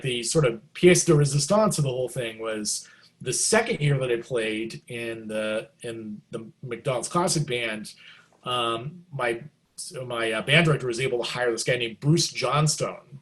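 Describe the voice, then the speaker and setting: A middle-aged man talks as a guest musician, telling stories in a loose, chatty way full of likes and you knows. He keeps jumping into excited quoted reactions, and his voice sits at an ordinary middle pitch. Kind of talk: casual storytelling in an interview.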